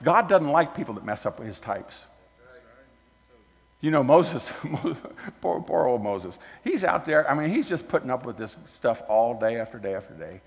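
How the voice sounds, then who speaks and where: Folksy male guest preacher, expressive delivery, muffled recording with long church echo. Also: medium pitch, moderate pace, vocal fry. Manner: folksy, animated, swings from loud emphasis to quiet asides. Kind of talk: sermon. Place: church hall. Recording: dull recording with long hall reverb.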